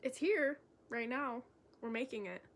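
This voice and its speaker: A young woman making a casual vlog, talking in a halting, candid way with lots of fillers and self-corrections. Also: a little high. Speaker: vlogger. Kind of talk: rambling stream-of-consciousness vlog.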